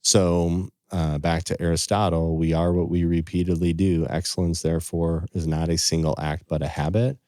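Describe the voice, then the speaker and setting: Low, mellow middle-aged man. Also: flat delivery, moderate pace, few pauses, no room sound, studio quality. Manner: earnest, quotes scripture and sayings. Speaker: financial advisor, podcast guest. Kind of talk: casual storytelling in conversation.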